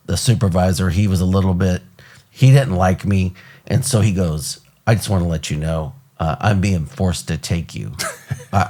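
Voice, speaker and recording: A middle-aged man hosting an interview, telling a story with lively acted-out quotes. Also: low-pitched. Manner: animated storyteller, acts out quotes. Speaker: podcast host.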